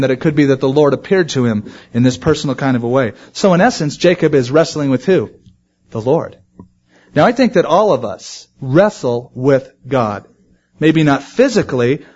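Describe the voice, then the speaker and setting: A man preaching a sermon to his congregation, animated and acting out quoted voices. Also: on the high side, highs cut off. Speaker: pastor.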